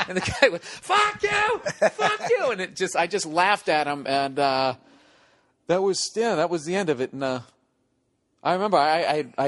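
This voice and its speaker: A man's voice: a little high, dry recording, studio quality. A man in his forties with a Boston accent, telling stand-up stories in casual chat, swearing a lot and acting out the people in them. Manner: animated storyteller, profane, acts out yelling hecklers. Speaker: stand-up comedian telling a story.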